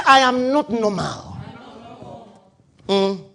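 A middle-aged man preaching a sermon, swinging from loud exclaiming to quiet asides. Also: slow pace, creaky, pauses often. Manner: animated, shifts from loud exclaiming to low asides. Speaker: pastor.

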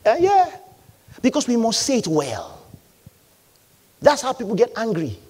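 A man preaches a sermon in a high, animated voice. His pitch swings widely as he hammers home key lines. He slips into the voices of his listeners to make his point. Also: moderate pace, husky. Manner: emphatic preacher, repeating lines and acting out the congregation. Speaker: pastor.

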